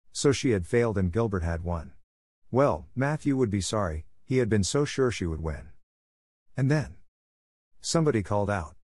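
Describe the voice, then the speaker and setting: A man narrating a classic novel as an audiobook, steady and measured, close to the mic. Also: lowish voice, no room sound. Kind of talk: audiobook reading.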